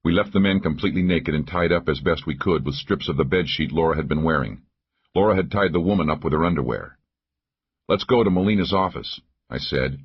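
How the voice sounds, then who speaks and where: A man narrating a first-person thriller audiobook in a steady, measured way. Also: rumbling low, slightly rough, muffled recording.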